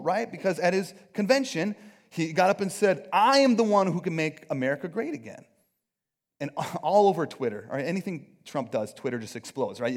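A man preaching a conversational sermon, animated, acting out quotes and often checking in with his listeners. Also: fairly high pitch. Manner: animated, acts out quotes, keeps asking "right?". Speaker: pastor.

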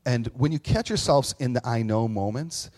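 Guy pastor giving a chatty sermon, candid, pokes fun at himself, lots of ums and restarts, mid pitch. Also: moderate pace, darkish tone. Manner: candid, self-deprecating, storytelling with many fillers and restarts. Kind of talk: conversational sermon. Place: church with online audience.

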